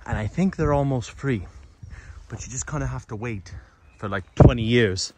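A man's voice: mid-range voice, moderate pace. A man giving a casual, chatty walking tour on forest trails near a city, talking loosely and swearing now and then. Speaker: vlogger. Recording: outdoor background noise.

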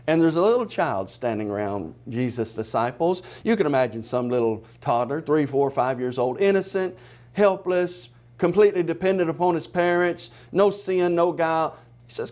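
A man preaching a televised sermon, emphatic, rising loud and high then dropping low and quiet, slowing down to stress key phrases. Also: animated.

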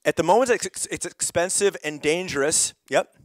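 Workshop leader, middle-aged man, voice going hoarse, slightly high pitch, draws in the audience. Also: moderate pace, no room sound. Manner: engaging, calls on audience members. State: losing his voice, coughing. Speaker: climate workshop presenter. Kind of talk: interactive workshop presentation.

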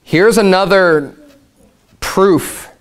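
A male pastor preaching a sermon in an animated, emphatic way, acting out quotes. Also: high voice, very slow, smooth.

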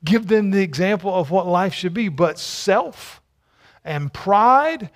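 High-voiced preacher, emphatic and repetitive. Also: male voice, animated, slow. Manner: emphatic, repetitive rhetorical preaching with stammered restarts. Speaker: pastor. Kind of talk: sermon.

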